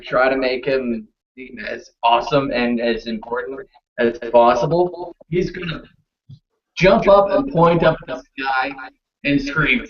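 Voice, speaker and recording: Man playing a tabletop game, dull recording. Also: fairly high pitch. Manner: halting, thinking aloud. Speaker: player. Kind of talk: casual tabletop play.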